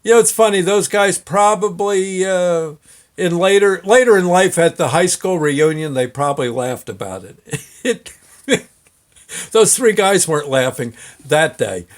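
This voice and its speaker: A man's voice: high voice, lively intonation, measured pace. A man hosting his show and telling a casual anecdote in a rambling way, with many fillers and restarts and frequent chuckles. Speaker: show host, storyteller.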